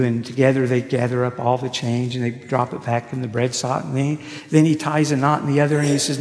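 Gravelly preacher in an echoing hall. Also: male voice, mid-range voice, fairly even intonation. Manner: storytelling preacher, slow deliberate pauses. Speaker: pastor. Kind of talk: sermon. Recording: echoey hall, long reverb.

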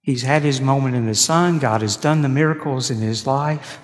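A man pastor delivering a sermon, telling stories with halting restarts. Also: mid-range voice. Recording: long reverb of a large hall.

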